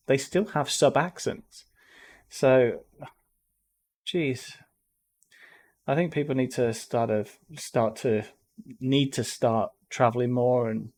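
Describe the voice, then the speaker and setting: A man's voice: medium pitch, a little mellow. A man from England with a light Black Country accent, hosting a reaction video in a rambling, exasperated way. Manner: rambling, exasperated, repeats words. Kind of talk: casual commentary.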